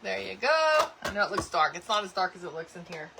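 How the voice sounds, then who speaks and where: A woman's voice: medium pitch, very animated, fairly quick, creaky, heavy background noise. A woman hosting a live crafting tutorial, chatting cheerfully with viewers while she works. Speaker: craft channel host.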